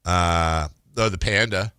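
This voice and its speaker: A man's voice: low-pitched, sharp tone, clean tone, no room sound, studio quality. A man hosting a sports radio show, riffing playfully through casual banter. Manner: playful, riffing, quick to laugh.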